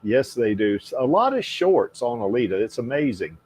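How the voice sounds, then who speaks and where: A man's voice: medium pitch, big pitch swings, normal speed, a little mellow, slightly rough. A man hosts a casual livestream show, rambling through his notes with plenty of fillers. He laughs often and speaks in an ordinary mid-range voice. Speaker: podcast host.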